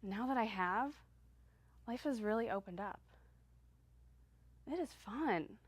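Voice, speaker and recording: A middle-aged woman giving a heartfelt motivational talk, speaking earnestly with slow emphatic affirmations. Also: on the high side, animated, slightly rough, no echo.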